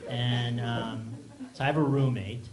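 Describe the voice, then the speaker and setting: A man's voice: mid-range voice, level tone. Hesitant stand-up man in an echoey theater. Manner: halting, many ums and restarts. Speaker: stand-up comedian. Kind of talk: stand-up set. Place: small theater stage. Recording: echoey room, loud background noise. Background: audience laughter.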